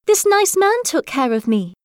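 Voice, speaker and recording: A man doing a squeaky little girl. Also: sing-song, moderate pace, no room sound, studio quality. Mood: sweet, excited. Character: small cheerful little girl.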